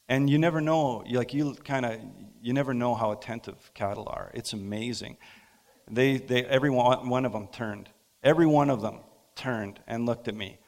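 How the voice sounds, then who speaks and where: Male pastor, gravelly voice, halting storyteller with pauses, sermon in a reverberant church. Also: medium pitch, a little mellow. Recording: long hall reverb.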